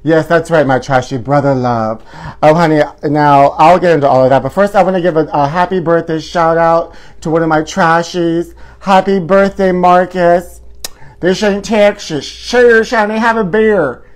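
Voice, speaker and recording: A man's voice: fairly high pitch, steady tone, normal speed. A man hosting a campy live tabloid chat show, flamboyant and exclamatory, hamming it up as a mock-country cowboy host.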